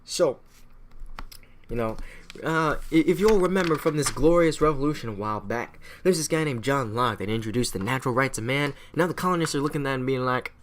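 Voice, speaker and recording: Man, casual history recap, profane, irreverent, rambling, mid-pitched voice. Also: brisk, slight background noise. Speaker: history explainer.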